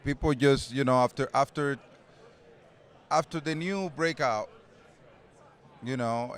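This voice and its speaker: A man in his forties speaks English with a Spanish accent, chatting loosely as an interview guest outdoors at an event. He rambles, restarts his sentences and laughs easily, at an ordinary pitch. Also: takes it slowly, pauses often. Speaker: interview guest, retired baseball player. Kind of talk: casual interview.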